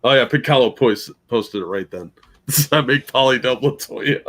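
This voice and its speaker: A man's voice: mid-range voice, sing-song, unhurried. A man co-hosting a livestream chat, talking in a laid-back, joking way. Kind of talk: casual chat.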